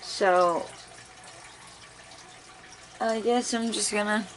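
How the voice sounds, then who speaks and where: A woman's voice: mid-range voice, steady tone, very slow, poor audio. A young woman in a laid-back, tired casual chat at home, giggling now and then as she reads aloud. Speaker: vlogger reading aloud.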